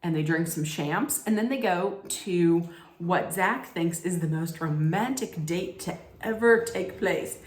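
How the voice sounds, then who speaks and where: A woman's voice: on the low side, unhurried, reverberant. A woman giving a casual reality TV recap on her vlog, with sarcastic, joking commentary. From United States. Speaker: vlog host.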